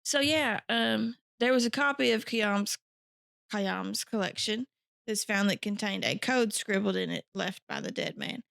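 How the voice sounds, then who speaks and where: A woman's voice: mid-range voice, expressive, a little slow, creaky, a bit bright, dry recording, studio quality. A woman co-hosting a podcast, chatting in a giggly, rambling, self-deprecating way. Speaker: podcast co-host. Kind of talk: casual chat.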